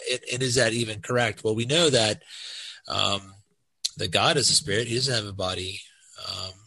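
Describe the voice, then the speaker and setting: A man's voice: lowish voice, normal speed, vocal fry, pushed and bright, husky, dry recording, rough recording. A man who is a podcast guest, explaining ideas and searching for words in a casual discussion.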